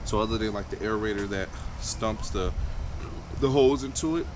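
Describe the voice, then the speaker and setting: Chill lawn care dude in his yard, lowish voice, chatty, outdoor noise. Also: normal speed. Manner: laid-back, chatty, hypes himself up. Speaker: lawn care channel host. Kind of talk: casual how-to vlog. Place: backyard, outdoors.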